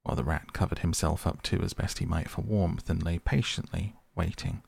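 A man gently reading a classic novel aloud as a softly spoken bedtime story to help listeners sleep. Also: sits low, steady tone, vocal fry, breathy edge. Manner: slow, gentle and soothing. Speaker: podcast host and audiobook reader.

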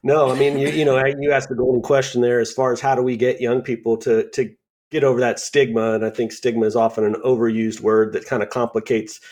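A man's voice: mid-range voice, little pitch movement, a little fast, darkish tone. A man speaking as a guest on a mental health panel, conversational and peppered with fillers. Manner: conversational, many "you know" fillers. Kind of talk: panel discussion.

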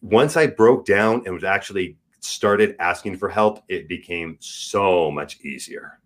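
A man in his forties speaking as a guest, frank and earnest, his delivery swinging between soft and emphatic. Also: deep voice, unhurried. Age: 40s. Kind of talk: candid podcast conversation.

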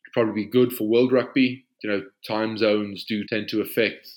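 A South African rugby player, an Afrikaans speaker, answering questions in a casual podcast interview in an easygoing way. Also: male voice, fairly low pitch, moderate pace. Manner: relaxed, easygoing answers with frequent "you know".

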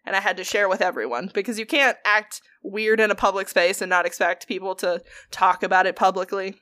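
A young woman telling an incident from her life in a casual podcast chat. She speaks at a middle pitch, animated, and swears freely as she builds the story. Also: fairly quick.

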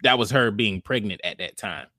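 A man's voice: lowish voice, normal speed, bright, forceful tone, dry recording, studio quality. A man co-hosting a casual podcast, explaining story details. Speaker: podcast co-host. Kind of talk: casual chat.

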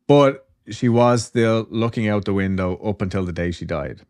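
Low-voiced man telling a story casually. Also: normal speed, hardly any pauses, a little mellow. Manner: chatty and loose, with swearing and filler asides. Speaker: podcast host.

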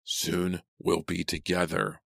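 Give me a man playing a sinister caller in a whispered role-play, rasping slowly and low. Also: little pitch movement, a bit bright, no echo, studio quality, full character voice. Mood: menacing. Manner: slow hoarse whisper. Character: menacing anonymous male caller on the phone.

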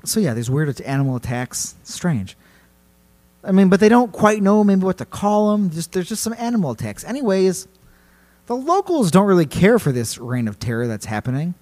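Animated, playful male podcast host. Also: sits high, moderate pace. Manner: playful, laughs often, rambling asides. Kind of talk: casual storytelling chat.

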